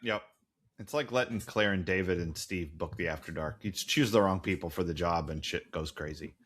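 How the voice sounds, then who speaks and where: A man's voice: sits low, a little fast, fairly bright tone. A man co-hosting a podcast, recapping a TV episode in a casual, profane, sarcastic way. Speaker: podcast co-host.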